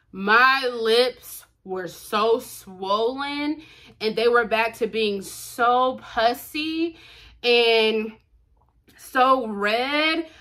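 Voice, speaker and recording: A young woman tells a storytime to her vlog viewers, chatty and dramatic. Her voice is bright and sits a little high. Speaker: book vlogger.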